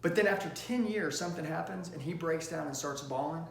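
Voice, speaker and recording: A man giving a high-energy, emphatic sales training lesson, coaching listeners directly. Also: fairly quick, creaky, a little hiss or hum. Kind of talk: motivational sales training talk. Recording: roomy echo.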